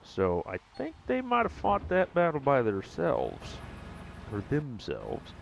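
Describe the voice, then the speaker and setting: A man's voice: mid-range voice, wildly swooping pitch, takes it slowly, vocal fry, slight background noise. An American man chatting casually and jokingly with viewers during a gaming live stream. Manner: rambling, jokey, talks to chat.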